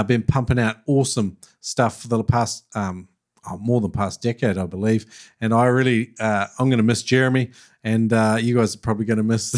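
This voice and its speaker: A man hosting a podcast interview in a chatty, upbeat way. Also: mid-range voice. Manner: upbeat, chatty, laughs easily. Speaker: podcast host. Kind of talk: casual interview chat.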